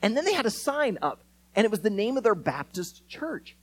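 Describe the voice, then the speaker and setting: A man's voice: sits high, moderate pace, poor audio. A man preaching a sermon as a pastor, speaking to kids and adults and acting out quoted voices. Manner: animated, acts out quoted voices.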